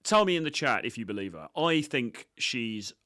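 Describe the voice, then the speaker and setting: A man's voice: mid-range voice, big pitch swings, moderate pace, bright, forceful tone, dry recording, studio quality. A man coaching on dating, commenting on his own footage in a blunt, cocky, profane way with many fillers.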